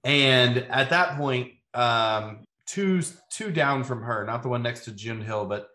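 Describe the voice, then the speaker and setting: Man, game master narrating, average pitch, calm storyteller, echoey room. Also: takes it slowly. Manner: calm storyteller, frequent ums.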